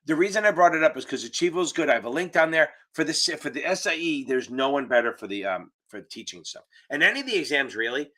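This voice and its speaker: A man runs a live exam-prep class through his computer mic. His voice is bright and forward, and he explains at an easy pace. He jokes around and drops the odd swear word as he goes. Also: on the high side, expressive, fast talker, few pauses. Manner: casual, profane, joking teacher. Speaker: exam tutor. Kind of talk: live online Q&A lesson. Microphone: computer mic on a video call.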